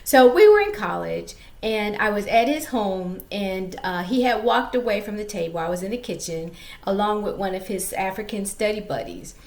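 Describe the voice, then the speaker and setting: Woman, author, casual story-time vlog, chatty, speaks to viewers, mid pitch. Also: animated, normal speed, reverberant. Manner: chatty, addresses viewers directly.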